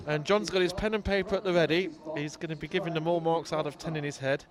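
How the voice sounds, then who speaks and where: Male match commentator, bright high voice, excitable calls, crowd loud behind. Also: fast. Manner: excitable, voice leaps up on goals. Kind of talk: live football commentary.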